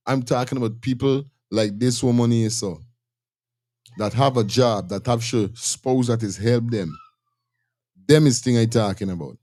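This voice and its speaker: A man's voice: mid-range voice, dark tone. A man with a Guyanese accent hosting a casual commentary, talking bluntly and restarting his sentences often. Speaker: host.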